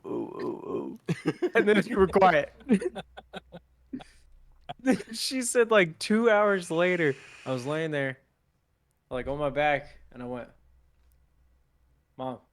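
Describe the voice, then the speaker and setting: Animated young man telling stories. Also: on the high side, no echo. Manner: animated storyteller, acts out quotes, swears freely. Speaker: podcast co-host. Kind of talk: casual storytelling chat.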